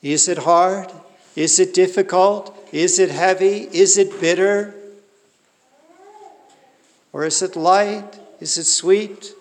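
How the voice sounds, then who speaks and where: A man's voice: sits high, fairly even intonation, slow, long pauses, in a large hall. A man preaching a sermon in an earnest way, asking the listeners rhetorical questions.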